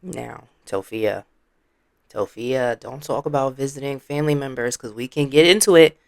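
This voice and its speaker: A commentary vlogger with a blunt, sassy manner, talking straight to the audience. The voice sits mid-pitch and sounds close and dry. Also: moderate pace, creaky, no echo. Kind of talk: casual commentary.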